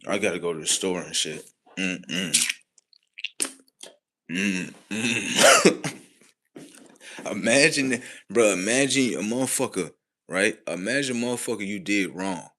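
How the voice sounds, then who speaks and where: A man's voice: on the low side, a little slow, pauses often, a little hiss or hum. Rambling, laughing man on a livestream. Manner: rambling, profane, laughs often; slangy and swings between loud and mumbled. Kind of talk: casual livestream rant.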